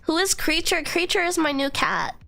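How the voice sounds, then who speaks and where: A woman streamer, hoarse from being sick, chatting casually and giggling, squealing greetings to her viewers from her bedroom. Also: very high-pitched, very animated, normal speed, pushed and bright, soft background music. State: hoarse from illness. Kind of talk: casual live-stream chat.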